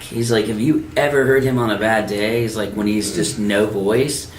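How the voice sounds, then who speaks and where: A male voice actor telling lively anecdotes in an interview, acting out the voices of people he quotes. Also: on the low side, normal speed, echoey room, recorded from a distance, background noise. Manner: animated anecdote teller, acts out quoted dialogue. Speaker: voice actor guest. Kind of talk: storytelling interview. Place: anime convention.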